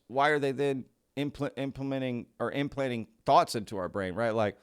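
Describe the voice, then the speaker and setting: Musing man with a low voice. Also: no room sound, clean studio sound. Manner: musing, questioning, laughs and restarts often. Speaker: commentary host. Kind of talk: casual reaction commentary.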